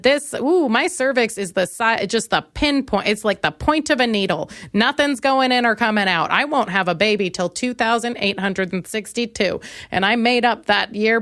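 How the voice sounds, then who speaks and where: A woman's voice: on the high side, no room sound, clean studio sound. Woman telling a comic breakup story. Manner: animated, acts out voices in quotes, laughs often. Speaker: podcast host. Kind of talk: comedic storytelling monologue.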